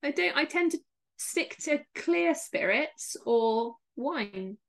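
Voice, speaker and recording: A young woman from Somerset with a Somerset English accent, a guest in a casual interview, friendly and quick to laugh. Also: high voice, animated, creaky, fairly bright tone. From Somerset, England. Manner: friendly, laughing, self-deprecating humor. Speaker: guest, writer.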